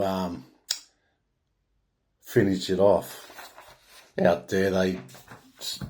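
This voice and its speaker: A man with an Australian accent speaks slowly in a rambling solo monologue. He stumbles and restarts words, then swings into grand, proclaiming statements. His voice sits at an ordinary middle pitch. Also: dark tone. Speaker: online spiritual speaker.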